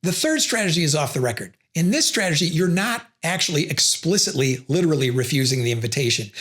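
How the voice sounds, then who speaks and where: A presenter explaining communication theory, who acts out sample refusals between the explanations. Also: mid-range voice. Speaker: educational video presenter.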